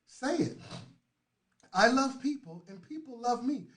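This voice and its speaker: A man hosting a live motivational talk, leading affirmations and calling out viewers by name in an energetic, preachy way. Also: extremely high pitch, measured pace. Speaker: motivational host. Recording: roomy echoey sound.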